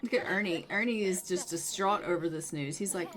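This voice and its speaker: A woman's voice: lowish voice, a little fast, crowd noise. A woman hosting a gaming video, chatting casually over her play and voicing her characters' reactions. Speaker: gaming channel host. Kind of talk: casual let's-play commentary.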